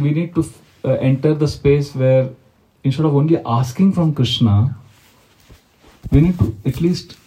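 Man giving a devotional talk, mellow voice. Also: medium pitch, low-quality recording. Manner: conversational, asks the audience questions; recites Sanskrit verses. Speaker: spiritual teacher. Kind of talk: devotional lecture.

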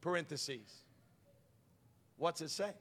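A man preaching a fervent Pentecostal sermon as pastor, his voice often rising into shouts. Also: a little high, expressive, takes it slowly. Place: church sanctuary. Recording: long church hall reverb.

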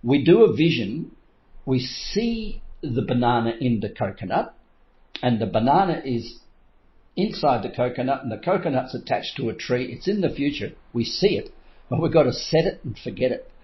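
A man's voice: medium pitch, very animated, moderate pace. A middle-aged man coaching in a motivational talk, telling stories and acting out his own inner voice with frequent chuckles. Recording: slightly dull lo-fi recording.

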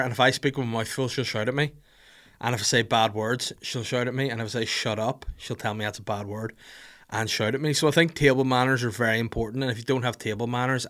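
A Northern Irish man in his thirties holds forth on his podcast, joking and ranting about pet peeves. His voice sits in an ordinary middle register, and he slips into quick voices to act out little scenes. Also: mid-range voice. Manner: animated, jokey, acts out little scenes with voices. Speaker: podcast host. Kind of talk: casual comedic rant.

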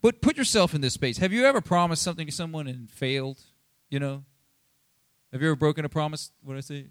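A pastor giving a casual, conversational sermon, chatty and animated, acting out Bible scenes in quick asides. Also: male voice, fairly high pitch, no echo, studio quality. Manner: chatty, animated, acts out Bible quotes, many fillers.

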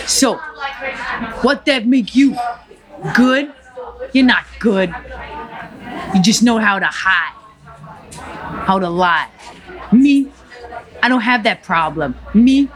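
A woman playing a boastful, menacing gangster man, loud and sneering. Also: a little high.

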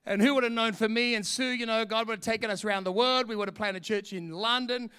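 Fervent high-voiced Australian pastor. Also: male voice, steady tone, quick pace, bright, forceful tone, clean tone. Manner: fervent, emphatic preaching. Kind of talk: sermon.

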